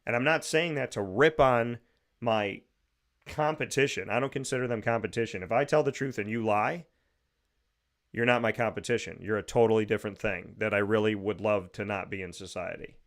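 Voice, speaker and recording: A man's voice: fairly low pitch, brisk. A man hosting a radio show, delivering an emphatic, opinionated monologue and acting out imagined speakers. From United States.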